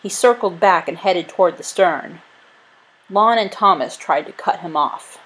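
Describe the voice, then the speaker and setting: A woman reading a chapter book aloud as narrator, in a clear, lively way. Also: lowish voice, a little slow, rough recording. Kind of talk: storybook read-aloud.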